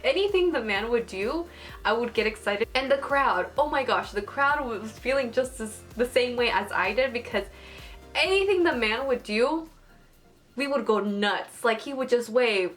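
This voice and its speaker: A young adult woman vlogging casually about an exciting experience, gushing and giggling, with lots of "like" fillers. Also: fairly high pitch. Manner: gushing, giggly, heavy use of "like".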